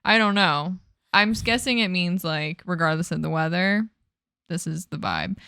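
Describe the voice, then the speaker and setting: This woman co-hosts a podcast and talks in a relaxed, chatty way. She sprinkles in plenty of fillers and breaks into giggles. Her voice sits low with a gravelly fry, and the sound is dry and close. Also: moderate pace, no echo. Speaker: podcast co-host. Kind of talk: casual chat.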